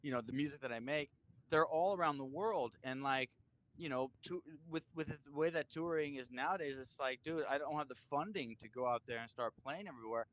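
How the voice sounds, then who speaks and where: In a slightly high voice and at a slightly quick pace, a man appearing as a musician guest tells stories in an informal interview. He's animated and foul-mouthed, voicing other people's lines and saying "like" constantly.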